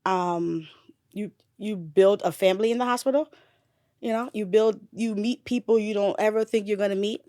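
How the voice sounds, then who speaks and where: A young adult woman, a mother, candidly telling her story in a casual interview, animated, with blunt slang and swearing. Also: medium pitch, normal speed, no echo, clean studio sound.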